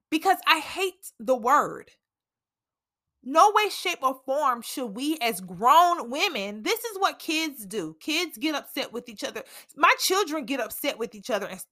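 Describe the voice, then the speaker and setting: A woman's voice: a little high, bright, forceful tone. A young woman, hosting a casual faith podcast and talking candidly, with dramatic asides to herself. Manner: candid, preachy, with dramatic self-talk asides. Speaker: podcast host.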